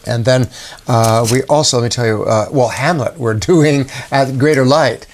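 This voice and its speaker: An older man, a theater artistic director, chatting eagerly in an interview and telling stories with quick restarts. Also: medium pitch. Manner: storytelling, enthusiastic, quick with restarts. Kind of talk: casual interview talk.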